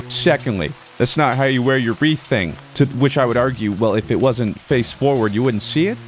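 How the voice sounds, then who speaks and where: A man's voice: medium pitch, lively intonation, a little fast. Hammy man playing a pompous emperor. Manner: hammy, pompous mock-emperor role-play. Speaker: gaming YouTuber. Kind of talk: sponsored gameplay commentary. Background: background music.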